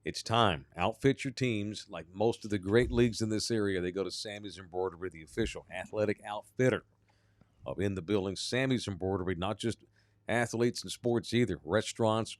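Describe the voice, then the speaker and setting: A man with a drawl talks sports on a radio show, joking along and slipping into voices to act out other people. His voice sits on the low side. The sound is dry and close to the mic. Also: no echo. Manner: drawling, jokey, acts out quoted voices. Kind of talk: casual sports talk and live ad read. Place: radio studio.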